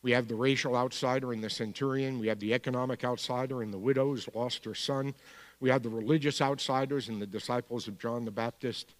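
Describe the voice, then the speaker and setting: A pastor with a Bronx accent preaching a sermon, moving between quiet asides and emphatic points. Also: male voice, medium pitch, fairly even intonation, brisk, big-room sound.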